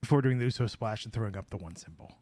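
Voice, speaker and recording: A man's voice: lowish voice, racing, dark tone, no echo. A man hosting a podcast in casual chat, telling stories with wry, dry humor. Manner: wry storytelling, dry jokes. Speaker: podcast host.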